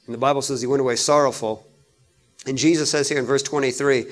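A male pastor preaching a sermon, chatting with his congregation and rising loud when he reads scripture. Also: mid-range voice, fairly even intonation, fast. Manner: conversational preaching, rises loud on scripture readings.

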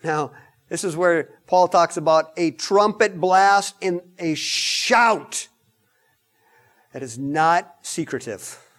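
A man delivers a sermon in a high-pitched voice. He preaches with animated emphasis and breaks into joking asides now and then. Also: slow.

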